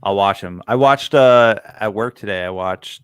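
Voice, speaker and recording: A man's voice: on the low side, moderate pace, smooth, no echo. A man co-hosting a horror podcast in casual chat, laughing easily and rambling through asides. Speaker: podcast co-host.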